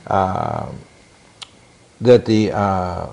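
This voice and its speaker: A man's voice: deep voice, wildly swooping pitch, very slow, gravelly, darkish tone. A man in his sixties telling long stories in an interview, intense and rambling, with many restarts and quoted dialogue. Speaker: interview guest. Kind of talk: long-winded interview storytelling.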